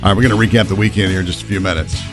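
A man's voice: sits low, steady tone, music in the background. A man hosting a morning radio show, chatting casually and upbeat with his co-hosts. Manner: upbeat, chatty, quick laughs.

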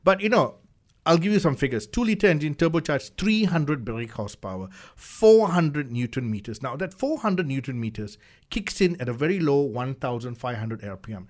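A man talks casually as a car reviewer, with a lively voice whose pitch rises and falls a great deal. He often repeats a word or two as he works toward his point. His voice sits at a medium pitch. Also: moderate pace. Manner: animated, repeats words while building a point. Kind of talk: casual chat.

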